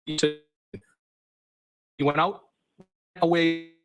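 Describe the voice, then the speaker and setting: A man on the witness stand, reading text messages aloud in a matter-of-fact way and saying the punctuation marks out loud. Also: on the high side, little pitch movement, slow, low-quality recording. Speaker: trial witness.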